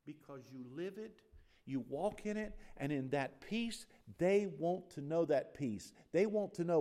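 Animated middle-aged male preacher. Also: a little high, measured pace. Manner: animated, rising loud on emphasis, restarts and fillers. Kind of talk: sermon.

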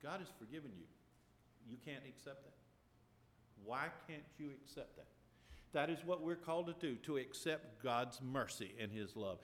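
Male pastor, sermon storytelling, earnest, mid pitch, booming hall reverb. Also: animated, moderate pace, a little hiss or hum. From Ukraine. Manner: earnest storytelling, acts out voices with sudden loud bursts.

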